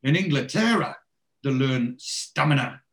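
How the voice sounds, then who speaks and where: A man's voice: mid-range voice, lively intonation, unhurried. A man doing a blunt northern bloke. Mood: wry.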